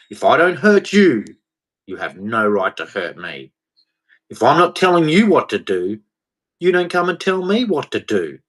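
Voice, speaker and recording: A man's voice: on the low side, fairly bright tone. A man delivering a heated, preachy rant straight to his audience, repeating words for emphasis. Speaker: vlogger. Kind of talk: ranting monologue to camera.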